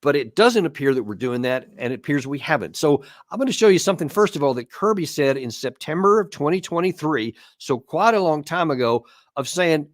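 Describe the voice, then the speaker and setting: A man's voice: a little high, animated, fairly quick, no room sound, clean studio sound. Emphatic man commenting on politics. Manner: emphatic, repeats words when stressing a point. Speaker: host.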